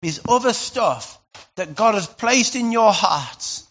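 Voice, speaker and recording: A male pastor with a high, ringing voice gives a slow sermon, speaking conversationally to his congregation and then suddenly erupting loudly to drive points home. He's animated throughout, though the audio sounds slightly muffled.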